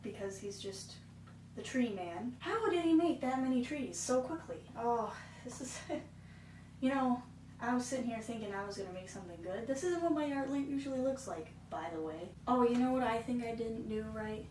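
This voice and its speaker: A woman's voice: a little high, lively intonation, moderate pace, a little mellow. Chatty woman vlogging in an echoey room. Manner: chatty, self-deprecating, exasperated asides. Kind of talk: casual painting-along commentary. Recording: echoey room, far from mic, noisy.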